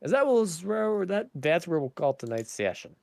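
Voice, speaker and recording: A man's voice: a little high, very animated, normal speed, creaky, a little mellow. A young man acting as dungeon master, teasing his players and laughing often as he narrates the game. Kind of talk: running a tabletop game over voice chat.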